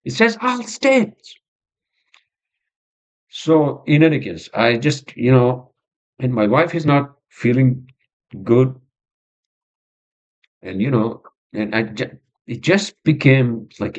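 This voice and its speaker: A worked-up man vents in a rambling podcast monologue, swearing and stumbling over fillers. His pitch leaps high when he gets angry and sinks low when he apologizes. The recording sounds a little dull and lo-fi. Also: expressive, takes it slowly, darkish tone. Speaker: podcast host. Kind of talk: frustrated monologue.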